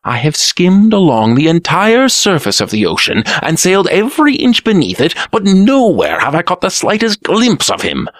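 A man's voice: high-pitched, huge pitch swings, dry recording, clean studio sound, pitched above the performer's own voice. A man voicing the grumbling Green Prince. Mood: exasperated. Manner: growling complaint, quickening. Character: exasperated young male prince, regretful.

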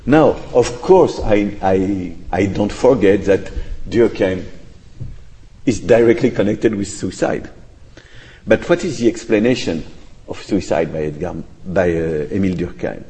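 A man's voice: sits low, measured pace, dark tone, slight background noise. A man answers an audience question in academic English, thoughtful and hesitant, hedging and restarting as he goes. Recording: echoey lecture hall.

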